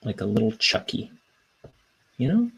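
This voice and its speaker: A man's voice: lowish voice, very animated, a little slow, vocal fry, fairly bright tone, husky, rough recording. A young man chatting casually on a livestream, rambling and self-deprecating, with hesitant restarts. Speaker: cartoonist streamer.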